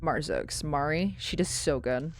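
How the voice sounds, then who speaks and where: A woman's voice: sits low, a little slow, a little hiss or hum. A woman streaming a game, chatting with her viewers as she plays and reading in-game notes aloud. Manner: chatty, talks to viewers while playing. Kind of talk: casual gameplay commentary.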